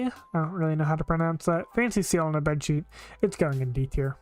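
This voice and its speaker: A woman's voice: low voice, fairly quick, darkish tone, faint music behind. A woman streaming live, giving blunt, opinionated casual commentary with frequent filler words.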